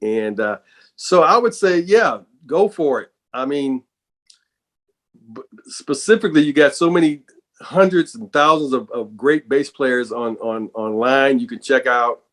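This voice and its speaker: A middle-aged man talks bass and old stories in a loose, chatty interview. He gets animated and repeats words as his thoughts catch up. His pitch sits at an ordinary middle level. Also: measured pace. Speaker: bassist and guest. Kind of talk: casual interview storytelling.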